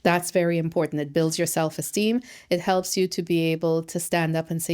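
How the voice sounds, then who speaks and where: A woman therapist and social worker giving an educational talk, emphatic and lively, asking rhetorical questions and acting out quotes. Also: on the low side, normal speed. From Canada.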